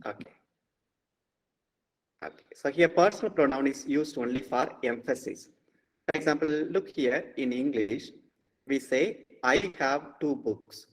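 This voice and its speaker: A man, a priest teaching Greek, giving an online lecture and explaining slowly and patiently with repeated examples. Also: medium pitch, long reverb tail, poor audio.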